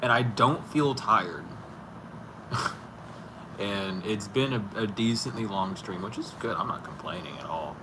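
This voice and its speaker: This man's lowish voice moves at a measured pace as he hosts a relaxed live stream from his home, reading tarot and rambling with swearing and plenty of laughs. The noisy home audio comes through a computer or camera microphone used for streaming.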